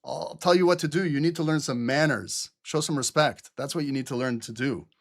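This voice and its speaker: A man's voice: fairly high pitch, a little fast. A middle-aged man hosting a live trading stream, blunt, sarcastic and profane, with typing heard behind him.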